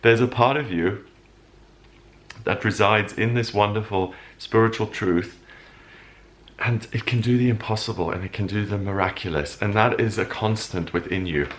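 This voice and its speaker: A man's voice: lowish voice, moderate pace, slight background noise. A man hosting a weekly horoscope show, talking earnestly and at times emotionally about the week's astrology. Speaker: astrologer host.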